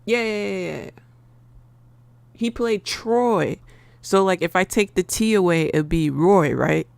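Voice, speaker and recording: Hosting a live trading stream, an American woman chats casually and playfully with her audience, laughing a lot. She's from the United States, and her lowish, creaky voice takes its time on a dry recording.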